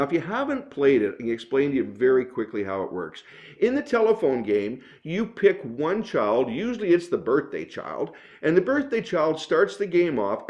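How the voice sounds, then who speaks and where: A man's voice: a little high, a little mellow. A man who works as a business consultant and trainer gives an instructional talk in an emphatic, explanatory way. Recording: dull lo-fi recording.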